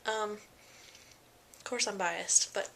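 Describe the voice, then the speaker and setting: A woman's voice: medium pitch, slow, vocal fry, bright, forceful tone, slight background noise. A young woman talking casually in a pregnancy vlog, chatty and full of fillers, often acting out what people said. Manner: chatty, many fillers and quoted voices. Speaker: vlogger.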